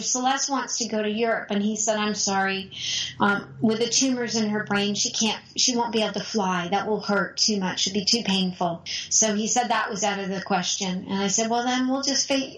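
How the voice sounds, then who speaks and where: A middle-aged woman, a mother, telling a personal family story in an animated, emotional way. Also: medium pitch, low-quality recording.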